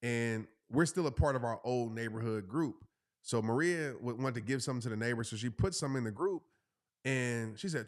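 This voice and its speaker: A man's voice: mid-range voice, expressive, very fast. A man, casually telling a funny story and acting out the voices of the people in it. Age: 30s. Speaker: motivational speaker telling a story.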